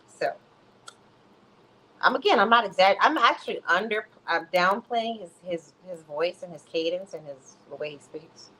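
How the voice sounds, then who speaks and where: A woman's voice: lowish voice, animated, normal speed, pushed and bright, a little hiss or hum. A woman doing a comic dramatic reading, dropping wry, chatty asides in a casual way. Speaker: comic reader.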